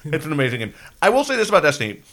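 A man's voice: on the high side, wildly swooping pitch, very fast, fairly bright tone. A man hosting a casual podcast chat about games, joking and chatty. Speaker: podcast host.

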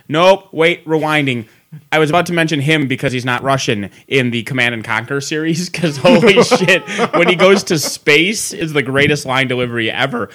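A man co-hosting a podcast in casual chat, talking in animated, profane, enthusiastic rants with bursts of laughter. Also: fairly high pitch. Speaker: podcast co-host.

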